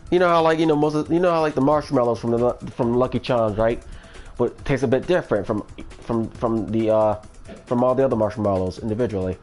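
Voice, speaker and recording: A man's voice: mid-range voice, brisk, darkish tone, soft background music. Rambling, hesitant male streamer. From Florida. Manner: rambling and hesitant, many fillers and restarts. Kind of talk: casual livestream chat.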